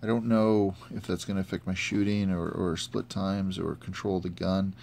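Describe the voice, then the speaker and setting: A man giving a casual, halting product review with many fillers, filming on a handheld camera. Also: low-pitched, little pitch movement, creaky, darkish tone, a little hiss or hum. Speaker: gun hobbyist reviewer. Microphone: handheld camera mic.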